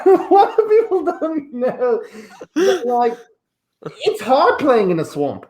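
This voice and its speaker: A man's voice: very high-pitched, darkish tone. Man putting on a bumbling boastful fake Shrek, wobbly put-on accent, giggles through lines, roomy echoing call audio. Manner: rambling, giggly, fake accent slipping between Scottish and Australian. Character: bumbling self-important man posing as Shrek. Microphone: video call.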